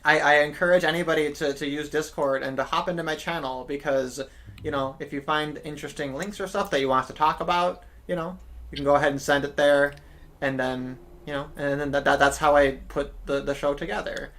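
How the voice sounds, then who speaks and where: A man's voice: on the high side, fairly even intonation, brisk, fairly bright tone. A man hosting a casual online talk stream. He rambles and swears, laughs a lot and restarts often. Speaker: stream host. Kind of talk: casual chat.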